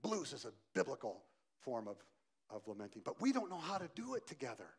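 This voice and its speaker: A male pastor preaching a sermon, swinging from loud emphasis to quiet softness and asking the congregation direct questions. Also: medium pitch, big pitch swings, brisk, breathy edge.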